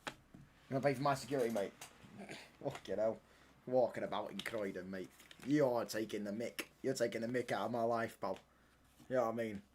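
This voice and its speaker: A man's voice: on the low side, brisk, pauses often, a little mellow, a little hiss or hum. A young man, chatting casually with his live-stream viewers, full of slangy banter that he tags with "mate" and "pal". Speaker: football watchalong streamer.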